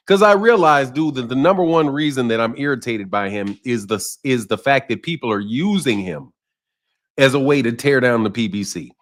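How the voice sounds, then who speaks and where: Speaking in a slightly bright mid-range voice, a man hosts a relaxed boxing livestream where he reads and replies to chat messages. He addresses commenters by name and keeps repeating himself in a conversational way.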